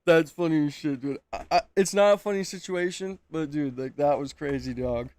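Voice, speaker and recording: Slangy laughing streamer, dry close sound. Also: male voice, on the high side, normal speed, darkish tone, no echo. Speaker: streamer reacting to videos. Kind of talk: casual live reaction commentary.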